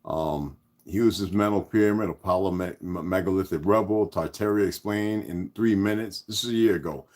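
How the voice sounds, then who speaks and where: A man's voice: low-pitched, moderate pace, darkish tone. A man hosting his own channel, talking loosely and rambling to his viewers as "y'all". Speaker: channel host. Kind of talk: casual vlog talk to viewers.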